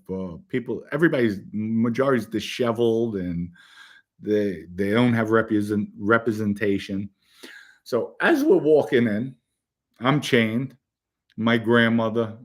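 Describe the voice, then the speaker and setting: A middle-aged man casually telling a story from his own past and acting out the other people in it. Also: fairly low pitch. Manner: animated, acts out other people's voices. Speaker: former mob associate telling his story.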